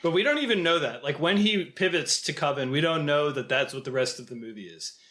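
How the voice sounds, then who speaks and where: Man, podcast co-host, fairly high voice, animated, casual chat. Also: brisk. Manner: animated, storytelling, acts out quotes.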